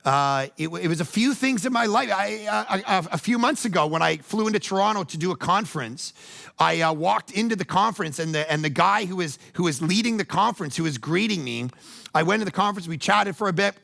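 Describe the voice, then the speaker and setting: A man preaches in a relaxed, conversational way, leaning into stories and playful asides. His voice sits high for a man and carries a gravelly fry. He talks as a pastor speaking to his own congregation. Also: fairly quick. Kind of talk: conversational sermon.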